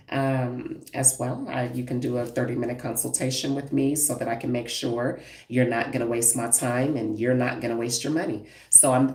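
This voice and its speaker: A woman's voice: extremely low pitch, a little mellow. A woman in her fifties, a hairstylist and brand owner, talking bluntly and emphatically to viewers on a casual live stream. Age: 50s. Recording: echoey room, distant from the mic.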